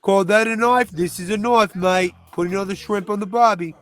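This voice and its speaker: A man doing an imitated Australian accent as a brash outback bushman from a film, in a loud, swaggering drawl. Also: high-pitched, moderate pace, pitched above the performer's own voice.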